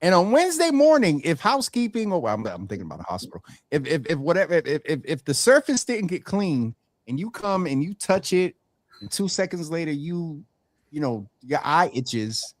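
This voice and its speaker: Male host, folksy and animated, stammers through restarts, dry close sound. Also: a little high, normal speed, no room sound. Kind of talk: casual health talk show.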